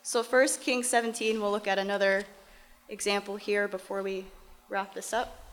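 A woman's voice: mid-range voice, flat delivery, normal speed, a bit bright, a little hiss or hum. A woman teaching from the Bible, reading verses aloud and then explaining them in a casual, conversational way.

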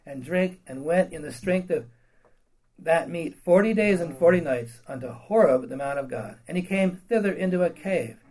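A man's voice: fairly high pitch, expressive, moderate pace, darkish tone, poor audio. A man preaching a sermon, reading old scripture verses and then retelling them in blunt everyday slang with laughs and questions to the congregation.

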